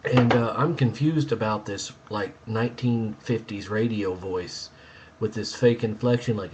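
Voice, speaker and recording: A man's voice: lowish voice, measured pace, muffled recording. A man hosting a podcast, ranting in a blunt, sarcastic way in casual chat. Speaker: podcast host.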